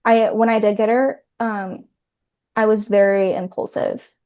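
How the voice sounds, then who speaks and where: A woman's voice: medium pitch, fairly even intonation, unhurried. A woman chatting casually as a podcast guest over a video call, sprinkling her talk with "like" and "um". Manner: chatty, warm toward her dog, frequent "like" and "um". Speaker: podcast guest, content creator. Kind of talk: casual interview chat.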